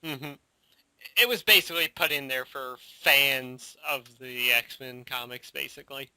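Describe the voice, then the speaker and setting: Bright-voiced man on a dry mic. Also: mid-range voice, measured pace, smooth, no room sound. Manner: laughs often, lots of fillers and agreeing murmurs. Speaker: podcast co-host. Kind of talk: casual chat.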